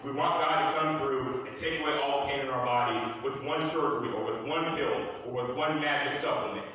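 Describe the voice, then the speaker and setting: A man's voice: medium pitch, fairly even intonation, brisk, sharp tone, slight background noise. A man preaching a sermon as minister, building fervor through repeated refrains. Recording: echoey hall, voice from far off.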